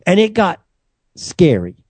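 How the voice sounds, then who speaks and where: A man's voice: high voice, wildly swooping pitch, takes it slowly, a little mellow, no echo. An American man in a heated, repetitive ranting monologue, telling a story with emphatic force. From United States.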